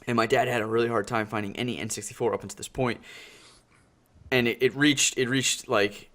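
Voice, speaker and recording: A man's voice: medium pitch, fairly even intonation, brisk, fairly bright tone. Young man swearing through an eager story. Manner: enthusiastic, swears casually. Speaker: podcast host. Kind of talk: casual chat over a call. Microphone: video call.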